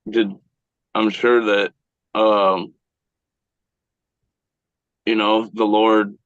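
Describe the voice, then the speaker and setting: A man's voice: lowish voice, little pitch movement, very slow, clean tone, no room sound, muffled recording. A man joking around with crude banter in a casual group chat. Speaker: stream regular.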